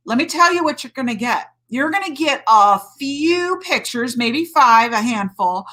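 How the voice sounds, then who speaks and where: Middle-aged woman coach on a livestream, bright tense voice, fired up, keeps saying friggin. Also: on the high side, low-quality recording. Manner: emphatic, fired-up, says "friggin'" a lot. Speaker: hormone coach and doctor. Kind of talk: live-stream chat with viewers.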